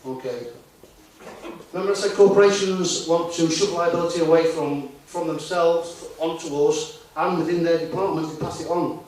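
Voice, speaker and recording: A man's voice: a little high, moderate pace, darkish tone. Man speaking in an echoey hall. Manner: conversational, asks the audience rhetorical questions. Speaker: conference speaker. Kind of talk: live talk to an audience. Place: conference hall. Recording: echoey hall, distant mic, faint noise.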